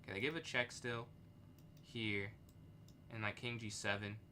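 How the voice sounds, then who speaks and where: Bright-voiced man streaming chess live. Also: on the low side, moderate pace, slight background noise. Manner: thinks aloud, reads chat, excitable outbursts.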